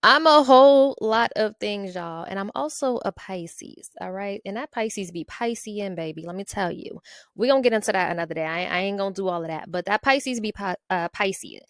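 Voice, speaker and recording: A woman's voice: medium pitch, normal speed, clean tone, dry recording. A woman from Ohio hosting her own podcast in a casual solo monologue, chatty and playful, tagging her lines with "okay?" and "y'all". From Ohio, USA. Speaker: podcast host.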